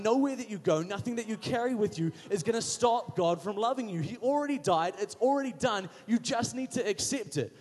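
Husky-voiced preacher in a reverberant hall. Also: male voice, high-pitched, a little mellow. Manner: emphatic, repetitive preaching with punchy short phrases. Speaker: pastor. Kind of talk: sermon.

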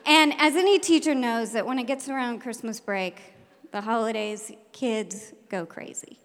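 A woman, a teacher, telling a personal story live on stage, animated and laughing, acting out the shouted lines. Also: a little high, moderate pace. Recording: long hall reverb.

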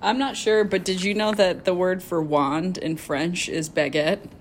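A woman's voice: fairly low pitch, fairly even intonation, measured pace, a little hiss or hum. A woman co-hosting a casual podcast, playful and giggly, teasing her friends. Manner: giggly, playful, self-mocking. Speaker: podcast co-host. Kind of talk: casual chat.

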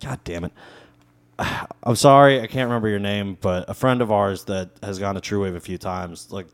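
A man's voice: lowish voice, normal speed. A man hosting a podcast, telling a story in casual chat, swearing and acting out the quotes. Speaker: podcast host.

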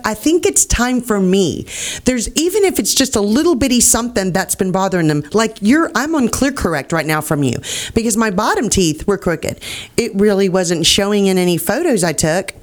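Woman, talk show host, bubbly, frequent laughter. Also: on the low side. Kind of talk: casual on-air chat.

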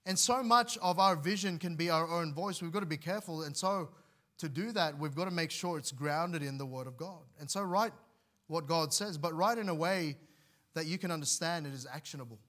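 Pastor guy preaching, bright ringing voice, bit high, keeps restarting his words. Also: a little fast. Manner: earnest, repeats words and restarts, reads scripture aloud. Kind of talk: sermon.

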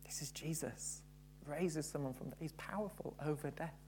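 A man's voice: on the high side, normal speed, darkish tone, a little hiss or hum. A man preaching a sermon, building to fervent emphasis and repeating key phrases.

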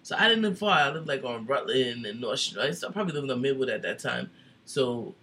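A man's voice: medium pitch, lively intonation, fairly quick, sharp tone. A man co-hosting a casual podcast chat, an easygoing storyteller who leans on fillers. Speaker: podcast co-host.

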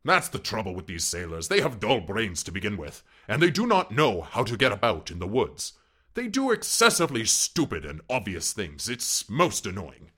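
A man's voice: lowish voice, wildly swooping pitch, moderate pace, a bit bright, breathy edge, heavily acted. A man voicing a suave, menacing aristocratic Cossack general in an audiobook reading, with a courtly, mocking manner.

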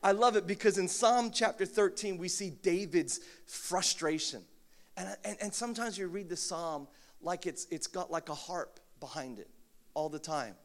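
A man preaching a sermon with humor, swinging from quiet asides to shouted, dramatic prayers. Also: high voice, normal speed.

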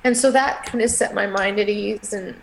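A middle-aged woman, a guest in an interview, telling a personal story in a halting, emotional way with many restarts. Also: mid-range voice, fairly even intonation, vocal fry, slight background noise, low-quality recording.

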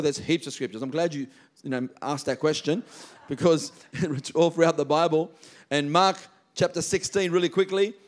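A man preaching a sermon, slowing down and stressing key words. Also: fairly high pitch. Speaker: pastor.

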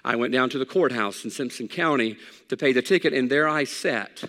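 A man's voice: mid-range voice, fairly quick, pushed and bright. A man preaching a sermon as pastor, telling folksy stories and rising with emphasis at key points. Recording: long hall reverb.

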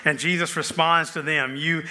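A man preaching to his congregation with a very bright, ringing voice pitched a little high. He stacks up repeated phrases, rising loud and drawn out on the key words, then sinking soft and low. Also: fairly even intonation, normal speed. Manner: repeats titles and phrases in building lists. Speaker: pastor. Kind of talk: sermon.

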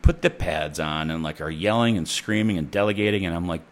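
A man's voice: low-pitched, brisk, few pauses. A man who works as a nurse, telling a story in a casual, blunt and profane way.

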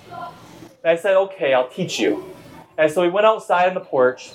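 A young man preaching with lively storytelling, his voice sitting on the high side. He climbs into shouted declarations as the sermon builds. A faint hiss runs under the recording. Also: normal speed, pauses often. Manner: animated, acts out a child's voice and rises to shouts.

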